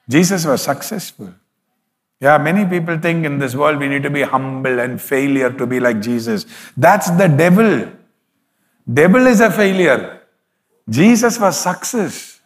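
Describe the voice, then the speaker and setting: Emphatic male preacher in a reverberant hall. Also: medium pitch. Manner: emphatic preaching with repeated hallelujahs. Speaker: pastor. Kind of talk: sermon.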